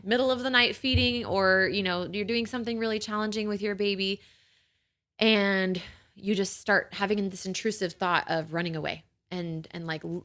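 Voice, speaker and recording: A woman's voice: mid-range voice, pushed and bright. A young adult woman hosting a podcast, talking casually and reassuringly to new mothers, often checking in with "right?". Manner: conversational, reassuring, lots of "like" and "right?". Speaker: podcast host. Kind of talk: casual explanatory talk to mothers.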